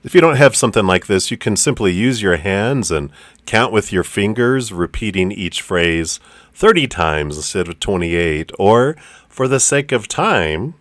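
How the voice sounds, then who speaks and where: A man leading a guided meditation, speaking in a calm, gentle, unhurried way with loose fillers. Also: lowish voice, dry recording. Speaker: spiritual teacher.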